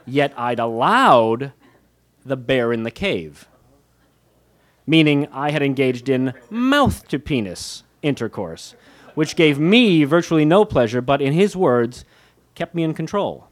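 With a sing-song delivery at a measured pace, a man at medium pitch narrates his memoir. The audiobook reading is wry and candid, poking fun at himself with soft laughs between phrases.

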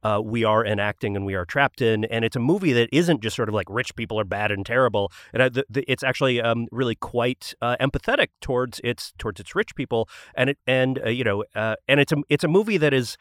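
A man on a podcast panel builds his case in an earnest, analytical way. His voice is mid-pitched and recorded dry and close. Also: fast talker, hardly any pauses, fairly bright tone, no echo. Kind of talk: casual chat.

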